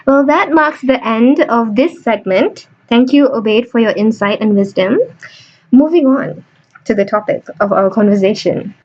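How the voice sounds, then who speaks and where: A woman's voice: a little high, moderate pace, darkish tone. A young woman hosting a casual interview, chatty and joking. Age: young adult. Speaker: host. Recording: dull lo-fi recording.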